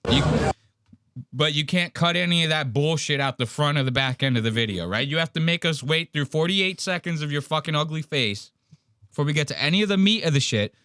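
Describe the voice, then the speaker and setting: A man's voice: fairly high pitch, animated, brisk, pushed and bright, no room sound. A man hosting a podcast, mocking a video clip in casual profane chat. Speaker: podcast host.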